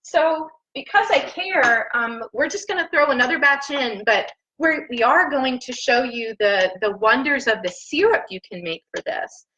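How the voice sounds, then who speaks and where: A woman's voice: high voice, animated, moderate pace, hardly any pauses, sharp tone, dull audio. A woman hosting a home cooking live stream from her kitchen, bubbly and gushing, laughing often as she chats to viewers. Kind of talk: casual live-stream chat. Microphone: laptop on the counter.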